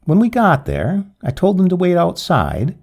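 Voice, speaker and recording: A man reading a first-person tale aloud as narrator, with an expressive delivery that lifts suddenly. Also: sits high, moderate pace, vocal fry, slightly rough. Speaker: story narrator.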